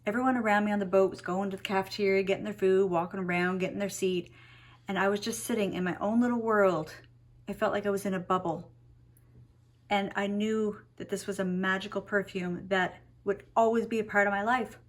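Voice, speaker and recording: A woman's voice: medium pitch, steady tone, fairly quick. A young woman talking to the camera in a casual perfume review, gushing and emotional about the scents she loves.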